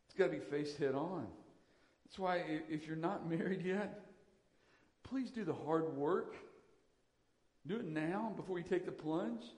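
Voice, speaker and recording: Man, pastor, emphatic sermon, high voice, echoey church hall. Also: measured pace, long pauses, darkish tone. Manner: emphatic preaching, repeats key lines.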